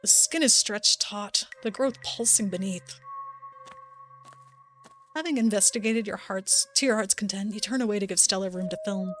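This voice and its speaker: A woman's voice: mid-range voice, moderate pace, soft background music. A woman streamer playing a story game, reading its text aloud with playful asides. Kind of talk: let's-play narration reading a visual novel aloud.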